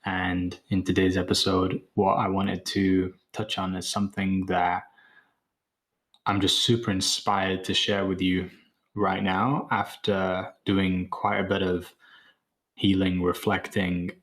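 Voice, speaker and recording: A man hosting his own podcast, speaking in an earnest, reflective monologue about spirituality and business, pausing often with fillers. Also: sits low, flat delivery, fairly bright tone. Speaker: podcast host.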